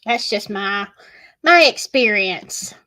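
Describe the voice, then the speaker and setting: Slow, chatty Southern woman streamer. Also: medium pitch, lively intonation, bright, forceful tone. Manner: chatty, gossipy, reads chat aloud. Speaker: livestream host. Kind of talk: casual livestream chat.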